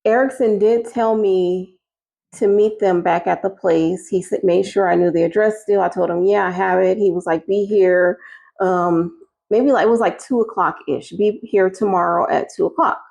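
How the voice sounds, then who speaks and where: A woman recounting a personal story in a loose, conversational way, her voice dark and mellow with a gravelly edge. She slips into the people she quotes, her pitch jumping up when she replays her own surprised replies. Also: fairly even intonation, moderate pace. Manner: casual and chatty, acting out quoted lines with rising pitch.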